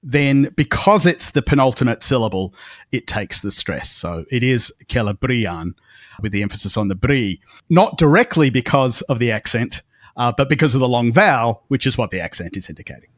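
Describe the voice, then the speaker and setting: Male podcast co-host, careful lecturing tone, lively pitch, dry close recording. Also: fairly quick, no echo. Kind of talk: casual podcast chat.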